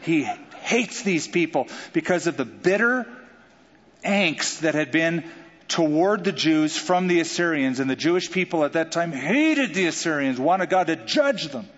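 Male pastor, animated sermon delivery, slightly high voice, dull recording. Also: a little slow. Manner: animated preaching with jokes and acted-out quotes. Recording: dull sound with long hall reverb.

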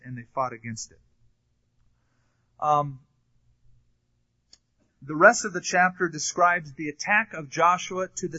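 A male preacher walks through a passage of scripture, reading it aloud and then breaking off to explain it in plain, chatty terms. His voice sits a little higher than most men's. The recording sounds muffled and lo-fi. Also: sharp tone. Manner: reads scripture then comments conversationally, with fillers. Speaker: pastor. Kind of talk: verse-by-verse Bible teaching. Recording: dull lo-fi recording.

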